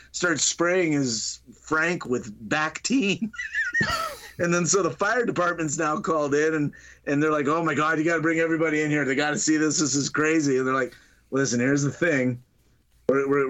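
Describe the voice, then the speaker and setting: A man's voice: fairly high pitch, fairly bright tone. A man on a podcast retelling a funny movie scene in a casual chat, laughing often and acting out the lines in voices. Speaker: podcast co-host.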